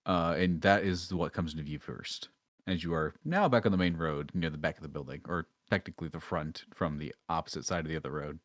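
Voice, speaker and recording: Low-voiced male dungeon master, relaxed, loose scene descriptions, dry recording. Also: a little fast, dry recording. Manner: relaxed, filler-heavy descriptions. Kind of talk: narrating a tabletop game.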